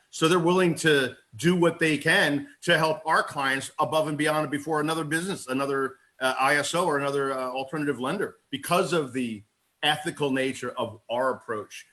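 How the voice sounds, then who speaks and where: Goofy excitable guy on a sales call, bright slightly high voice, rambles. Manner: excitable, rambling, quick to laugh; self-described goofball. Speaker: sales agent. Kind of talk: casual call-in chat.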